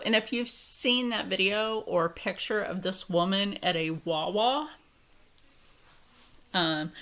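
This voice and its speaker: A woman's voice: medium pitch, a bit bright. A young woman with a Philadelphia accent ranting to camera, profane, indignant and emphatic. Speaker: vlogger. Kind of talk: angry rant to camera.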